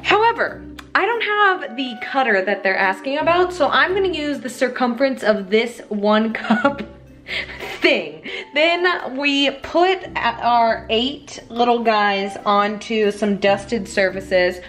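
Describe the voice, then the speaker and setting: A woman's voice: fairly high pitch, lively intonation, takes it slowly, fairly bright tone, soft background music. A woman vlogger chatting casually as she bakes in her home kitchen, joking and laughing at herself often. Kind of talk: casual baking vlog chat.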